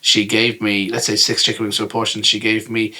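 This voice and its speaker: A man's voice: fairly low pitch, brisk. A young man co-hosting a podcast, telling stories in a casual, joking way. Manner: animated storyteller, jokey impressions. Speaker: podcast co-host. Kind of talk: casual chat.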